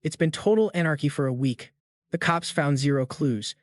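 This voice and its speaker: A man's voice: a little high, animated, moderate pace, no room sound, clean studio sound, lightly acted. A man reading an anxious young niece. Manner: anxious, pleading. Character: young woman, worried niece.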